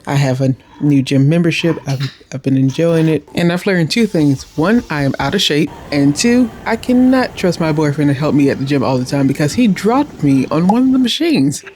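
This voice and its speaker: A young woman telling a cooking mishap in casual voice-over, animated, exasperated and poking fun at herself. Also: sits low, a little hiss or hum. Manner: animated and exasperated, self-deprecating. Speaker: cooking vlogger.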